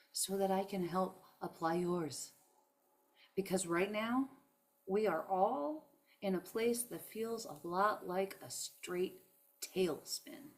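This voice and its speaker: A woman giving a heartfelt motivational talk on self-love, emphatic and emotional, often saying "y'all". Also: mid-range voice. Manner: emphatic, preachy, uses "y'all". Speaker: spiritual self-help speaker.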